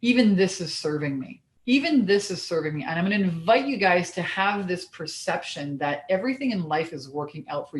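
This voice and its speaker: A woman coach delivering a blunt, energetic motivational talk to her viewers, swearing freely. Her voice sits on the lower side for a woman. The sound rings in an echoey room. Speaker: business and mindset coach.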